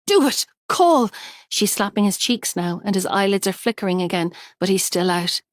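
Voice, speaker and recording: A woman narrating a thriller audiobook in a measured, tense way. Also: fairly low pitch, little pitch movement, no echo, studio quality. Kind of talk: scripted narration.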